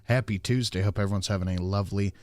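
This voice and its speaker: A man's voice: lowish voice, steady tone, fast, a little mellow, no room sound. Casual profane male streamer. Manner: casual, profane, reads chat names aloud. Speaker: livestream host. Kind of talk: casual livestream chat. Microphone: desk microphone.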